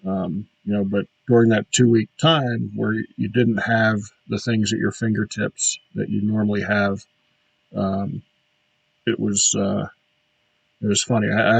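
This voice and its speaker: A man hosting his podcast, talking through a reflective solo monologue with frequent pauses and fillers. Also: lowish voice, creaky, husky, dry recording, rough recording. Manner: reflective, halting with many fillers. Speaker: podcast host.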